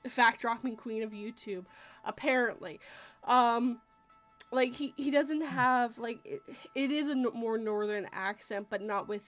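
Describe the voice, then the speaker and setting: A woman's voice: a little high, a little slow, fairly bright tone. Chatty woman host, from Western Canada, rambling talk, faint music underneath. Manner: chatty, rambling, laughs often. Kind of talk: casual chat.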